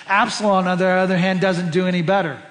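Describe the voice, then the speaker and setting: A man's voice: high-pitched, flat delivery, quick pace, fairly bright tone, big-room sound. A man preaching a sermon as pastor, stressing points by repeating words and restarting phrases. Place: church sanctuary.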